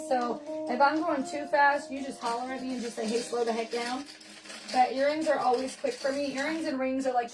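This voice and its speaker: A woman's voice: sits high, rough recording. A woman from the United States, hosting a live jewelry sale in an upbeat, chatty way and often repeating item numbers. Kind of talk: casual live-stream selling chat. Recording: music playing behind.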